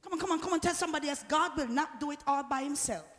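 A woman preacher giving a sermon in call-and-response style. She drives the congregation with repeated questions and builds to shouted peaks. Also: high voice, very fast. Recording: long reverb of a large hall.

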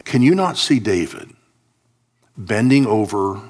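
A man's voice: fairly low pitch, expressive, measured pace, a little mellow. A man preaching a sermon, telling a scripture story expressively and acting out the quoted lines.

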